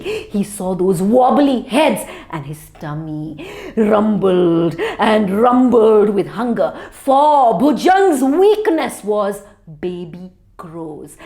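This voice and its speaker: Woman, children's storyteller, theatrical, playful animal calls, hushed suspense, very lively melody, unhurried. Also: on the low side. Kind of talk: expressive storytelling for kids.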